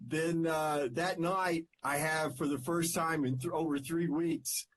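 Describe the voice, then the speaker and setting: A man, co-hosting a podcast, relaxed and rambling as he greets viewers and tells stories. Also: a little high, takes it slowly, slight background noise. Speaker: podcast co-host. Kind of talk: casual chat on a live stream.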